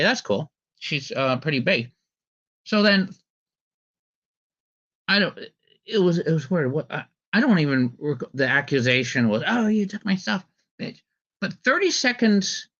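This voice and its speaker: A man's voice: on the high side, bright, forceful tone. Male podcast host, rambling casual commentary, restarts often, slightly dull lo-fi recording. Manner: rambling, full of ums and restarts.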